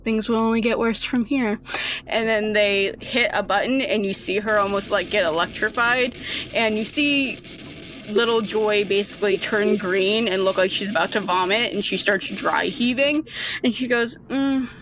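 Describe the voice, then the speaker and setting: A woman's voice: mid-range voice, normal speed, a bit bright, a little hiss or hum. A woman running a tabletop game as game master, narrating casually with lots of "like" and "um". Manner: casual, rambling narration with fillers.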